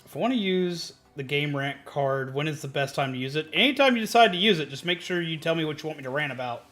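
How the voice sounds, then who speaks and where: Bright excitable man streaming. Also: on the high side, fast, soft background music. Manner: excitable, yelps at game action. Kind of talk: casual gaming stream chat.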